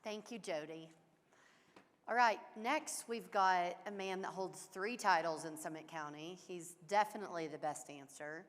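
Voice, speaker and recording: A woman's voice: lowish voice, moderate pace. A woman emceeing a conference, introducing the next speaker in a playful way. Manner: playful, laughing. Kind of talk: event introduction. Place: conference hall. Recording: long reverb of a conference hall with faint ambience.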